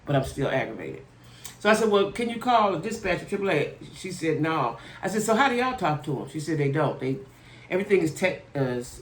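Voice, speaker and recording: A woman host casually telling her viewers a long, exasperated story in a chatty, animated way. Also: deep voice. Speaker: channel host. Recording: echoey room.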